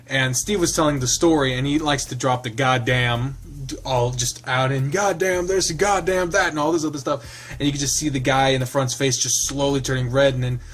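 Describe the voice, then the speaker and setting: A man's voice: medium pitch, slight background noise. A man playing and reading a visual novel aloud, chatty and rambling, breaking off into stories and laughs. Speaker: let's player.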